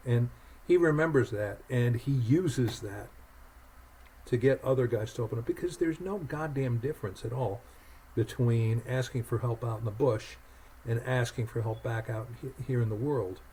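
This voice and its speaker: A man's voice: medium pitch, normal speed, warm tone, slight background noise, rough recording. A man hosting a podcast, telling stories in an emphatic conversational way, often repeating words as he gets going. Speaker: podcast host. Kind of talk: conversational storytelling.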